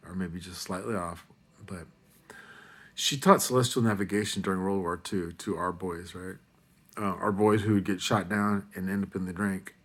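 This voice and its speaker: A man giving a rambling, profane pep talk in a casual monologue. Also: low-pitched. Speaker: motivational speaker.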